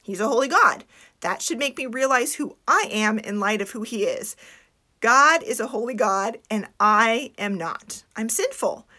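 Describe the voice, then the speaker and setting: A woman's voice: fairly high pitch, sing-song, sharp tone. Earnest woman giving a devotional talk. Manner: earnest, reflective, slows for emphasis. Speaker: Christian homeschooling speaker.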